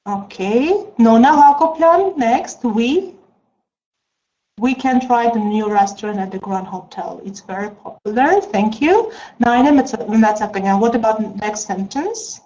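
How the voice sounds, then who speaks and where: A woman teaching an English class online, slow and coaxing, with many mm-hmms. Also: a little high, animated, warm tone. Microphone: video call. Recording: dull lo-fi video call.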